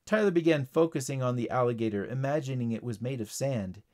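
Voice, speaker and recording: A man narrating a short storybook reading in a steady, plain storytelling way. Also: medium pitch, brisk.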